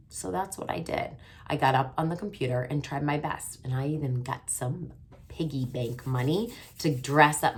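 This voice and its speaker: A woman's voice: rumbling low, fairly bright tone. A woman kindergarten teacher giving a remote writing lesson to young children, sounding out letters and stretching her words.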